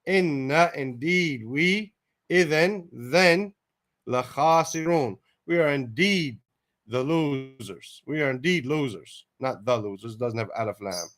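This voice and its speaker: Slow, deliberate male Arabic teacher. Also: medium pitch, expressive, a bit bright. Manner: slow, repeats each Arabic word then glosses it; thinks aloud, tentative asides. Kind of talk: word-by-word Quran translation lesson.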